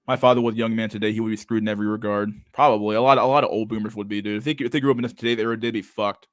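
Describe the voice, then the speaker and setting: A man's voice: fairly low pitch, fairly even intonation, rapid-fire, few pauses, dry recording, clean studio sound. A young man hosting a livestream and reading chat, talking in a crude, slangy, casual way and laughing often.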